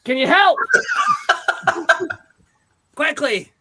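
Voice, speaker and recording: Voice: high voice, animated, drawn-out words, sharp tone, slight background noise, full character voice. A performer playing a giggly goose in live improv comedy, often breaking into laughter.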